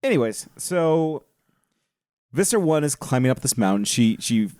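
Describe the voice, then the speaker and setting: Male co-host, tipsy and meandering, medium pitch, dry sound. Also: sing-song, unhurried, a little mellow, no echo. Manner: rambling, laughing storyteller. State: drunk. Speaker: podcast co-host. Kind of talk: casual chat.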